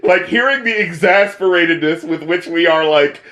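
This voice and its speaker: Excitable high-voiced man reviewing albums. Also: moderate pace. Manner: excitable, swearing, breaks into laughter; speaks straight to the listener. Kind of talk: casual reaction chat.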